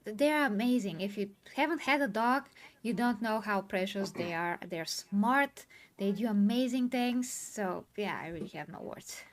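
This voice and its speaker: A woman hosts a commentary panel, speaking earnestly and with clear emotion as she explains her view at length. Her voice sits in a middle pitch. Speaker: host.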